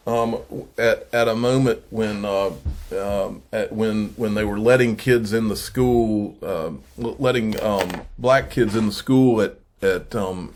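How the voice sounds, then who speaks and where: A man hosting a crypto investing channel, giving casual emphatic commentary and repeating points slowly for effect. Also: medium pitch. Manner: addresses viewers as folks, frequent okay. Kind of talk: casual commentary on screen posts.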